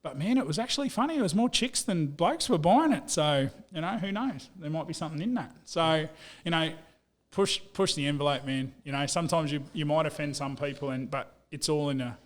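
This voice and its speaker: A man's voice: a little high, expressive, fairly quick, few pauses. A man with an Australian accent telling stories in a laid-back, blokey way, full of "mate" and "you know", as a guest on a casual podcast. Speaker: business owner.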